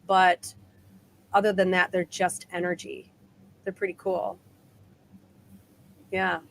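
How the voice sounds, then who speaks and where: A woman guest on a live talk show, telling a personal story in an animated way with quick restarts. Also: fairly low pitch, gravelly, a little hiss or hum.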